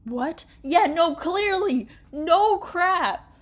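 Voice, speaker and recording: A woman's voice: very high-pitched, expressive, drawn-out words. A young woman giving casual reaction commentary on a story, exasperated and ranting with frequent laughter. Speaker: streamer reading an interactive story.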